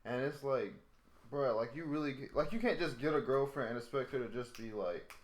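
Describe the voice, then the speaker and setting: A young man co-hosting a podcast, talking in animated, exasperated slang. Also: medium pitch, a little fast, roomy sound. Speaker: podcast co-host. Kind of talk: casual chat.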